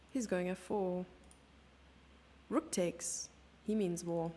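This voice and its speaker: A woman's voice: lowish voice, slow pace, pauses often, dark tone, a little hiss or hum. A woman from Germany giving casual, self-mocking live chess commentary, chatting with her viewers and thinking aloud over the moves.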